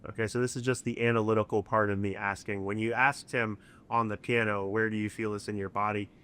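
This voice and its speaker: A man's voice: on the low side, flat delivery, fast talker, a bit bright, clean tone. A man hosting an interview, asking curious, analytical questions. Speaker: podcast host.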